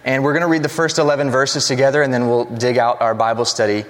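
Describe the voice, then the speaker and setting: A man's voice: mid-range voice, little pitch movement, quick pace. A man leading a Bible study in a casual, joking way with some ums, then reading scripture aloud and praying. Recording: long hall reverb.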